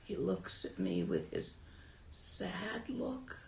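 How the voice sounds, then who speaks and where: A woman's voice: lowish voice, wildly swooping pitch, takes it slowly, creaky, reverberant, slight background noise, low-quality recording. A woman who teaches Buddhism and translates Tibetan, telling a story from her own life in a dharma talk in a casual, wry way.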